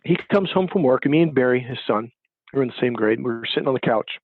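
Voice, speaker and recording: This dating coach speaks fast with lively intonation at a medium pitch. He tells stories in an animated interview, acting out the people in them with emphasis, and the sound is phone-quality with no echo.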